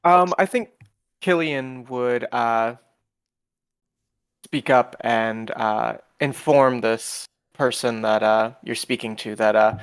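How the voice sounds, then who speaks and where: A player in a tabletop game who speaks hesitantly, with many pauses and fillers. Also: medium pitch, clean tone. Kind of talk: tabletop role-play chat.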